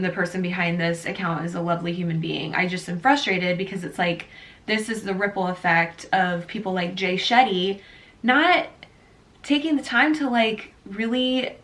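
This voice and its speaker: A woman's voice: fairly low pitch, fairly bright tone. A young woman, a small business owner and artist, talking casually to camera in an earnest, upset way with lots of "like" fillers. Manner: chatty, heavy use of "like" fillers; earnest and upset, close to tears. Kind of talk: casual vlog talk to camera.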